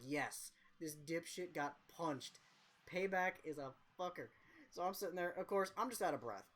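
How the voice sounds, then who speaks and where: A man's voice: on the high side, fairly bright tone. Profane, rambling young male streamer. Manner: rambling, profane, self-mocking. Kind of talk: casual storytelling during a game livestream.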